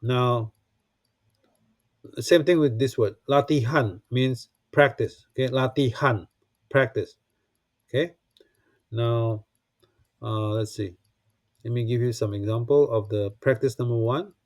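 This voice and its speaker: A man's voice: mid-range voice, slow pace, pauses often, dry recording, studio quality. A man teaching a beginner language lesson from a textbook, patiently repeating words and checking in with "okay?" after each point. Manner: frequent restarts and fillers while explaining.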